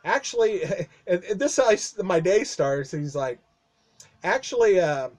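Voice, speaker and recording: Rambling chatty man, slightly high voice. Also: animated, normal speed, a little mellow. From Midwestern United States. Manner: rambling, many fillers and restarts, chuckling. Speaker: vlogger. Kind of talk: casual storytelling monologue.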